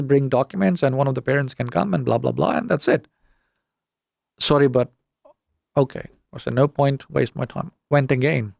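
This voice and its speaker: Gravelly, indignant middle-aged man. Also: a little high, dry recording, clean studio sound. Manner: animated, retells dialogue with indignant emphasis. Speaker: podcast guest. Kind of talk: casual storytelling interview.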